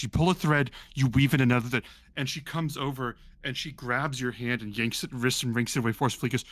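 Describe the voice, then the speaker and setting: A man's voice: mid-range voice, fairly even intonation, fast talker, few pauses, fairly bright tone, dry recording. A man narrating a tabletop role-playing game as game master, describing the scene with casual fillers.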